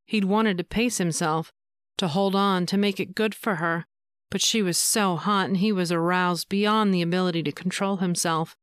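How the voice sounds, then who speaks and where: A woman narrating an erotic audiobook in a steady, measured reading. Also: lowish voice, clear, resonant tone, dry recording, studio quality.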